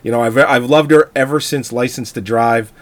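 A man's voice: medium pitch, steady tone, moderate pace. A man in casual film talk who laughs often and acts out lines from the movie. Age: older. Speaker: podcast co-host.

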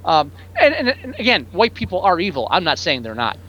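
A man in casual podcast chat, rambling and halting with many restarts, now and then putting on mocking voices. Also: fairly high pitch, huge pitch swings, sharp tone, lo-fi sound.

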